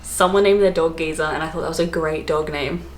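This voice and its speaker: An Australian woman with a lowish voice talks casually and playfully to camera, like a young vlogger explaining things from her home. The room is echoey, and a faint hiss sits under her voice. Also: fairly even intonation, brisk. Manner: chatty and playful, laughing between points. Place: home during lockdown.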